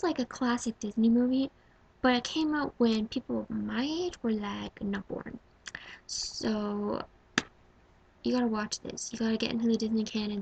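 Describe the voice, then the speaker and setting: Gushing young woman with a gravelly voice. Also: fairly high pitch, background noise. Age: 20s. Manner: gushing, swings between exclaiming and whispering. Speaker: vlogger. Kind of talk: casual movie-ranking vlog.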